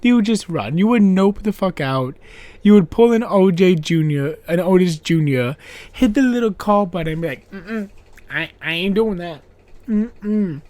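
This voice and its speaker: A podcast host rambles through a horror film recap with constant swearing and sarcastic asides. The host laughs at their own jokes. The voice sits at a middling pitch and sounds dry and close, with no room echo. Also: lively intonation, normal speed, warm tone. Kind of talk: casual spoken film recap.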